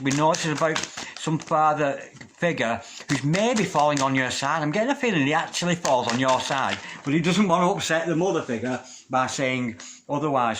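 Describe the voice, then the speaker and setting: A man giving a tarot reading, gentle and gushing, who drops into a low, repeated chant when he calls on the spirits. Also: expressive, fairly quick, noisy background. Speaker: tarot reader. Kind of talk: tarot reading with spoken invocations.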